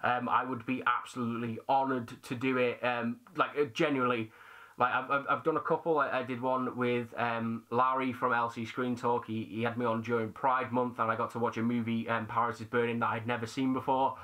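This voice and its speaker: A young man with a British accent chats casually to camera, answering questions from his viewers. He is slangy and self-deprecating. His voice sits in a middle pitch with a bright, forward edge. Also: flat delivery, brisk. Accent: British English. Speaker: YouTube movie channel host.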